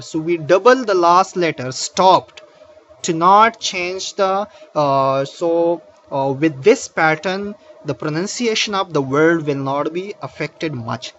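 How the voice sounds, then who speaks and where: A man teaching a grammar lesson, explaining slowly with many fillers and restarts. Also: high-pitched, fairly bright tone, muffled recording. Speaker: English teacher.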